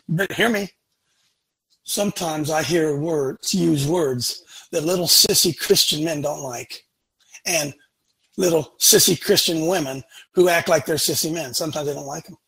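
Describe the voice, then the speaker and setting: A man's voice: fairly high pitch, creaky, fairly bright tone, breathy edge, rough recording. A man hosting a talk show, preaching in a blunt, emphatic way and repeating lines for punch. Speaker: show host.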